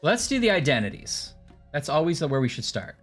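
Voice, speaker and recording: A man's voice: a little high, very animated, brisk, a bit bright, soft background music. A man chatting casually while playing a mystery puzzle game with a friend, thinking aloud with stammered fillers. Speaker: game streamer.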